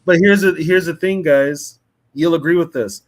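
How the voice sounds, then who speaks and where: A man's voice: fairly high pitch, normal speed. A man co-hosting a casual sports podcast, giving slangy, emphatic opinions. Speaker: podcast co-host.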